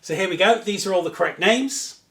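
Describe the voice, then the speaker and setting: A man's voice: sits high, lively intonation, fairly quick, gravelly, a bit bright, echoey room. A man hosting a table football show from home, chatty, enthusiastic and self-deprecating as he talks to the camera. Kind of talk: casual presenting to camera. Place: room at home. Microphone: camera on a tripod.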